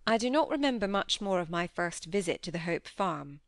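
A woman reads a classic novel aloud in a measured, even manner. Her voice sits fairly low. The sound is dry and close to the mic. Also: no echo. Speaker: audiobook narrator. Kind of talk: scripted narration of a classic novel.

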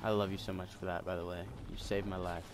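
A man giving chatty, excitable commentary while he plays a game, often breaking into sudden exclamations. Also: deep voice, fast talker, background noise. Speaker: gamer. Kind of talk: casual gameplay commentary. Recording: game audio mixed with loud music. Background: game music.

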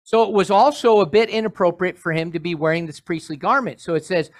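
A male pastor preaching a sermon in an animated way, with joking asides to his congregation. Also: high voice, quick pace.

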